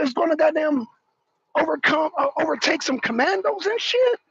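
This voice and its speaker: A man with a very high, gravelly voice launches into loud, cursing, mocking rants as a talk show panelist. The sound is dry and close, with a dull, lo-fi tone. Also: big pitch swings, brisk, no echo. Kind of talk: heated live-stream commentary.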